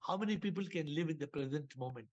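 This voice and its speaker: A man's voice: a little high, fast talker. A man gives a spiritual talk full of parables, repeating his phrases and acting out the voices in his stories. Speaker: spiritual teacher. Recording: dull lo-fi recording.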